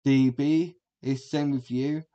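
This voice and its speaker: A man's voice: mid-range voice, fairly even intonation, slow pace, warm tone, dull audio. A man, giving a rambling, crude and combative reaction commentary as a streamer.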